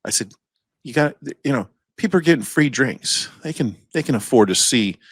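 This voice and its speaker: A man's voice: mid-range voice, expressive, moderate pace, husky, dry recording, clean studio sound. A man co-hosting a podcast, telling a rambling story in a casual chat, chuckling often and acting out the voices of the people in it. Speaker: podcast co-host.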